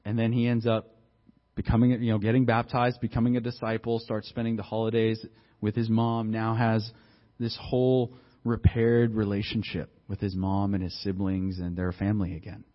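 Storytelling pastor, muffled sound. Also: male voice, fairly low pitch, level tone, moderate pace. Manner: conversational storytelling that builds to emphatic exhortation. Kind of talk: sermon with a personal story.

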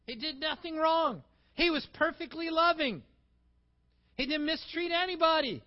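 High-voiced animated male preacher. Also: moderate pace, highs cut off. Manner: animated preaching, acting out little dialogues. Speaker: pastor. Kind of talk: sermon.

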